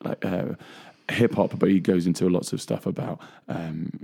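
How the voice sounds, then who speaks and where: Gravelly low-voiced man chatting. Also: fairly even intonation, moderate pace, warm tone. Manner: rambling, laughs often, trails off with fillers. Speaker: co-host, bass player. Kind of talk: casual chat. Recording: radio show studio mic.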